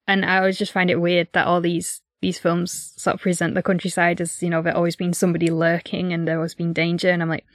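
A woman's voice: lowish voice, completely flat delivery, quick pace, few pauses, no echo, studio quality. A woman from England co-hosting a true-crime podcast, musing casually with many filler words. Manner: reflective, lots of 'like' fillers. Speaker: podcast co-host.

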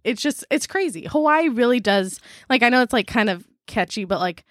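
Young woman, casual studio guest, higher voice, laughs through her stories, dry close mic. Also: fairly quick, no room sound. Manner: animated storyteller, laughs often, acts out quotes. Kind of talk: casual chat.

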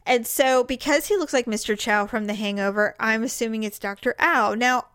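A woman co-hosting a podcast, telling a funny story about herself in a lively, self-mocking way. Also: a little high, moderate pace, clean tone, no room sound, studio quality. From Mexican heritage. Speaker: podcast co-host. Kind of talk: casual chat, storytelling.

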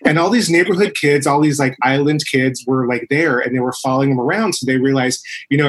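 A podcast co-host telling a digressive anecdote in an animated, casual way. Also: mid-range voice, fairly quick, few pauses, breathy edge.

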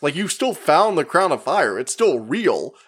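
A man giving a casual, rambling spoken movie review, chatty and full of fillers, who acts out the characters' lines in quick put-on voices. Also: on the high side, sing-song, fairly bright tone, slightly rough. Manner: rambling, with frequent fillers and restarts. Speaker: media reviewer.

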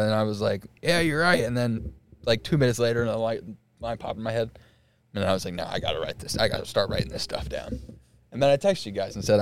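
A man's voice: fairly low pitch, a little fast, long pauses, a little mellow, smooth. A young man co-hosting a podcast, telling work stories in casual chat, laughing often and swearing. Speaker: podcast co-host.

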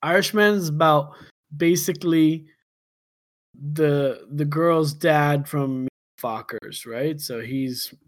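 A man co-hosting a podcast, improvising a rambling comic story, laughing often and slipping into quick silly impressions. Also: on the high side, dry recording. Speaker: podcast co-host.

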